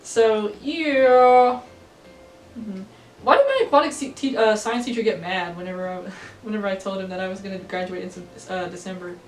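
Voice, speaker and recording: A teenage girl rambling casually in a chatty, giggly way, sometimes breaking into excited squeals. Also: medium pitch, normal speed. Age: teens. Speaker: vlogger. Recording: echoey room from a distance, faint music.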